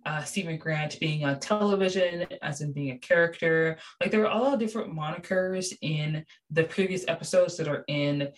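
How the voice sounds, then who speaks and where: A young woman chatting casually about a TV show, animated and gushing, with many fillers. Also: low voice, moderate pace, hardly any pauses. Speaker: show reviewer. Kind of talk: casual chat.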